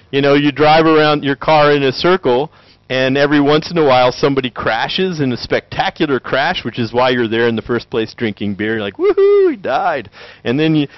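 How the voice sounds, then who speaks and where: A man from Tennessee, giving a joking, animated lecture and acting out quick voices to an audience. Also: mid-range voice, no echo, highs cut off. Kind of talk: lively conference talk.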